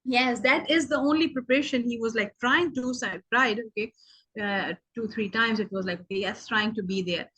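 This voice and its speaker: A woman's voice: a little high, moderate pace, fairly bright tone, slightly rough, poor audio. A woman whose first language is Urdu, talking earnestly in a casual video meeting and rambling with many "okay" fillers. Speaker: meeting participant.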